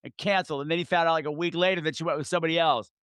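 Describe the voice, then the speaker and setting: A man with a slightly high voice tells film stories on a podcast with energy and frequent laughter. He is recorded dry and close to the mic, with no room echo. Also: fairly even intonation, rapid-fire, a bit bright, smooth. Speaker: podcast host. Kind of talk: casual podcast chat.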